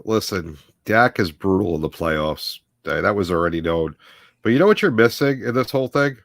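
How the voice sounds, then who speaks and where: A man's voice: sits low, lively intonation, normal speed, gravelly, a bit bright, no room sound. A man on a sports talk panel giving a blunt, matter-of-fact take.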